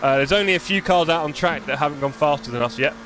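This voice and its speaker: A man's voice: on the high side, fast talker. A man, live-streaming a sim race with chatty, jokey commentary and muttering while he adjusts his car setup.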